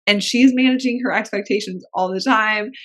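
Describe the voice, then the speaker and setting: A woman's voice: mid-range voice, normal speed, a bit bright. A pregnant woman co-hosting a podcast, talking in a frank, chatty way and swearing casually. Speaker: podcast co-host.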